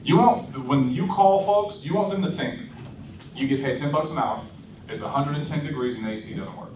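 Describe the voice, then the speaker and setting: A man giving blunt, animated sales coaching to his team, acting out phone calls as he tells stories. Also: a little high, fairly quick. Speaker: insurance sales trainer. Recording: roomy echo, distant mic, background noise.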